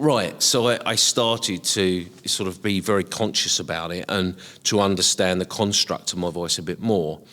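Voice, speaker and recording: A middle-aged HR professional from Essex, England, with a softened estuary accent and a very low voice, reflects on his career as a guest in a casual interview. He speaks hesitantly with lots of ums and restarts, and his voice trails off in a long reverb.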